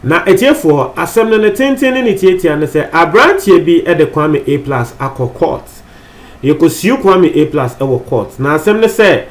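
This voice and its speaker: A Ghanaian man with a fairly high-pitched voice presents entertainment news in a chatty, casual style. He switches between languages and repeats phrases for emphasis.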